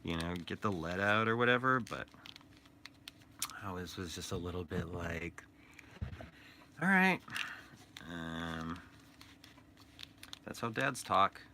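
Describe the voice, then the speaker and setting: This man's voice is deep and unhurried, with frequent pauses and a noisy background. A toy artist and painter, he chats casually and playfully in a vlog about painting and making toys, rambling and tossing in jokes on the side.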